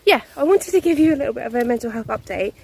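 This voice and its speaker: A woman's voice: fairly high pitch, expressive, racing, vocal fry, dark tone, slight background noise. Breathless young woman vlogging outdoors. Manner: chatty, laughs often, talks to her dog. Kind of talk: casual vlog chat while walking. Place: muddy forest outdoors.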